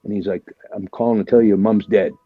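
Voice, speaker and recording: A man with a low, husky voice recounts his past in a candid, profane way and peppers it with "right?" His tone is dark and mellow. The audio is dry and a bit dull, with faint music under it. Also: steady tone, fast, no echo. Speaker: podcast guest, military veteran. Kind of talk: casual storytelling.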